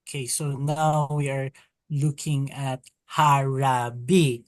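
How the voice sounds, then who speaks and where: Slow, low-voiced woman teaching Hebrew. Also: little pitch movement, no room sound. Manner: slow, careful drilling of syllables. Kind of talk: online language lesson. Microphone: video call.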